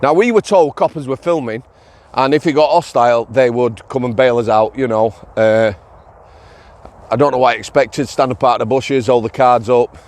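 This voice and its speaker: A man's voice: mid-range voice, moderate pace, a little mellow. Rambling storyteller man. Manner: rambling anecdotal delivery with frequent fillers and chuckles. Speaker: podcast host, former prison officer. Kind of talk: casual storytelling monologue.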